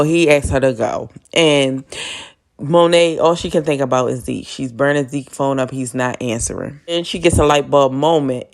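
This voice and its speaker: Low-voiced woman with blunt, salty talk. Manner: blunt, profane, laughs often. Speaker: TV recap host. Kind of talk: casual recap vlog.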